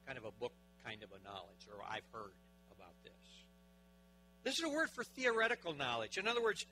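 Male preacher, somewhat high, very bright and piercing tone, dramatic sermon with rhetorical questions. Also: sing-song, fairly quick, a little hiss or hum, low-quality recording. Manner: dramatic, with big swings in loudness and pitch, asking the listeners questions.

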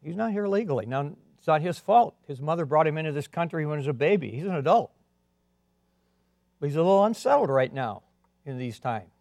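A man preaching a sermon as a pastor, earnest, swinging between emphatic and quiet delivery. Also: fairly high pitch, expressive, brisk, gravelly, dry recording.

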